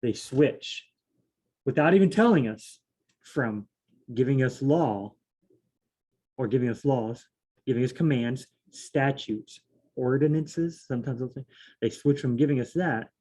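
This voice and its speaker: A man's voice: mid-range voice, measured pace, pauses often, a little mellow, breathy edge. A man studying scripture aloud on his own, reading verses and then paraphrasing them in a loose, fumbling way, often correcting himself. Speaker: solo Bible study host.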